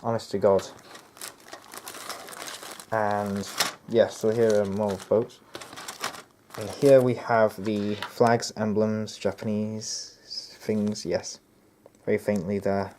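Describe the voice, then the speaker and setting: A man's voice: on the low side, little pitch movement, slow, pauses often, mellow, a little hiss or hum. A young man giving a casual unboxing review of a model kit, rambling, hesitant and often correcting himself. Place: home near a road.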